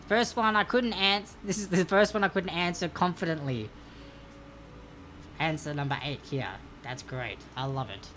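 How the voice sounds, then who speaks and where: A woman with a lowish voice hosts a live online trivia night. She chats with players between questions, bubbly and quick to laugh. A faint hiss sits under her home stream. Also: a bit bright. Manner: bubbly, laughs often, playful asides. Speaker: trivia quiz host.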